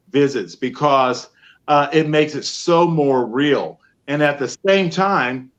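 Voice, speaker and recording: A man's voice: on the high side, dull audio. A man telling stories in an interview over a video call, acting out what people said. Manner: animated storyteller acting out quotes. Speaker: professional Santa guest. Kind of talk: storytelling interview answers. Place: home studio.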